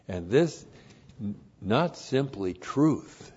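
A man's voice: medium pitch, expressive, takes it slowly, darkish tone, muffled recording. A man preaching an expository sermon to his congregation, speaking emphatically, repeating key words and spelling out Greek terms letter by letter. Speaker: pastor.

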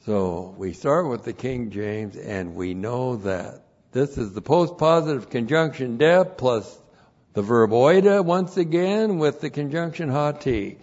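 A man pastor teaches a sermon in a slow, deliberate, emphatic way, pausing often with fillers. His voice sits at an ordinary pitch. The recording is a little muffled. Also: animated, a little mellow. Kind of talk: expository sermon.

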